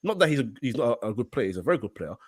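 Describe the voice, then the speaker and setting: A laid-back man chats as a podcast guest, joking and filling pauses with ums. His mid-pitched voice sounds dry and close. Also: very animated, breathy edge, dry recording. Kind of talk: casual chat.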